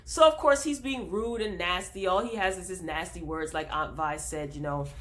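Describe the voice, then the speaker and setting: Woman vlogger, lowish voice, chatty recap host who speaks directly to viewers. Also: moderate pace, a bit bright. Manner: chatty, retells scenes with many fillers. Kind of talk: casual episode recap.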